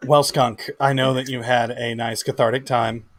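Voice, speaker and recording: A man's voice: mid-range voice, little pitch movement, normal speed, slight background noise. Man co-hosting, steering the chat. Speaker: co-host. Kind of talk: casual chat.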